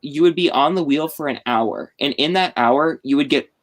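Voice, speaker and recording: A man's voice: a little high, normal speed, low-quality recording. A man hosting a casual live-stream chat over a video call, explaining things at length with many fillers. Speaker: host.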